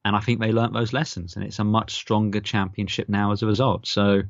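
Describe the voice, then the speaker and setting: A man's voice: on the low side, flat delivery, brisk, no echo. A man co-hosting a casual podcast chat, rambling with stammered restarts. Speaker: podcast co-host. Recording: dull lo-fi podcast mic.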